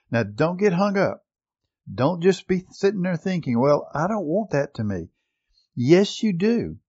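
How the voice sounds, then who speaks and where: A man's voice: fairly high pitch, darkish tone, dry recording, dull audio. A man preaching a sermon, reading scripture aloud with rising emphasis and asking his listeners questions.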